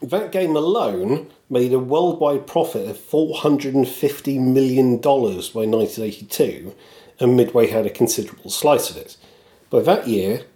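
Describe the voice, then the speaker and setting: A man's voice: medium pitch, dark tone. A man co-hosting a podcast, chatting casually and quoting lines in put-on voices. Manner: quotes lines in put-on voices, chuckles at himself. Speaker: podcast co-host. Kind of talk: casual chat and scripted segment.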